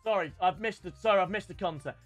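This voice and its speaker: Over loud music, this reaction-video host talks fast in a high-pitched voice, joking at his own expense and chatting casually with viewers. He frequently stops and starts over.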